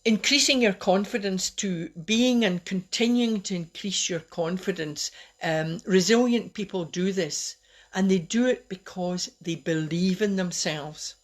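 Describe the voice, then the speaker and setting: A woman's voice: medium pitch, measured pace. A middle-aged woman giving a casual, personal live talk as host, chatty and open, laughing at herself now and then. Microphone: webcam or phone on a live stream.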